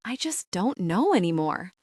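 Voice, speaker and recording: A woman's voice: mid-range voice, big pitch swings, moderate pace, darkish tone, slightly rough, no echo, clean studio sound. Woman doing a twangy Georgia belle. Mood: aggrieved. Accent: Southern US, Georgia twang. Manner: twangy, trilling, indignant. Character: bubbly Southern sister-in-law, woman, dramatic.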